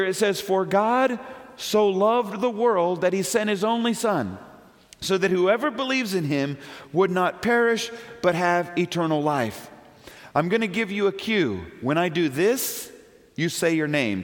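A man preaching a youth sermon, casually retelling Bible stories in everyday slang and shifting between excited calls and hushed storytelling. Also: high voice, long reverb tail.

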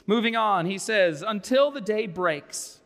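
A man's voice: sits high, animated, measured pace, gravelly, a bit bright. A man pastor giving a sermon, conversational with wry asides, in a church sanctuary. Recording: long reverb of a large sanctuary.

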